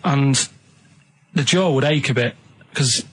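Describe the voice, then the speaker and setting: A man with a slightly husky voice rambles through a story on a radio show, stopping and restarting with plenty of ums and uhs. His pitch sits in a middle range and his talk is halting and unpolished. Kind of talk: casual radio banter.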